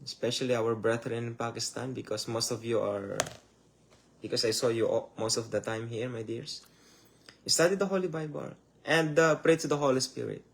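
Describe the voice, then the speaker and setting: A man's voice: mid-range voice, steady tone, moderate pace, creaky, slight background noise. Filipino man preaching, says "my dears". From Philippines. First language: Tagalog. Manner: calls listeners "my dears" over and over, repeats rhetorical questions; loose and conversational, starts phrases over. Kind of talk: live-streamed Bible teaching.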